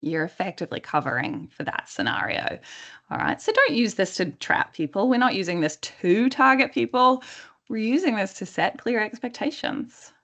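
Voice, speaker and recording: A woman's voice: medium pitch, very animated, normal speed, a bit bright. A woman coach teaching a webinar in a conversational way. She often checks in with her listeners and acts out quoted dialogue. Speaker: workplace coach.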